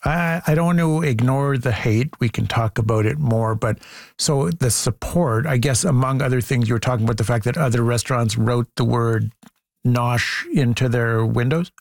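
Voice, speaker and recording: Radio host guy, brisk, dry studio sound, takes calls. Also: medium pitch, vocal fry, no echo. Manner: brisk, reads phone numbers, steady and measured. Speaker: radio talk show host. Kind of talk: call-in radio hosting. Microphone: studio mic.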